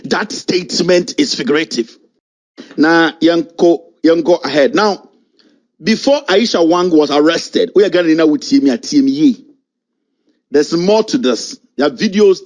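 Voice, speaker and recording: A man with a Ghanaian accent delivers furious political commentary in a high-pitched voice. He mocks and berates, hammering each point with emphasis and slipping between English and Twi. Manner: angry, mocking and emphatic, mixing English with Twi.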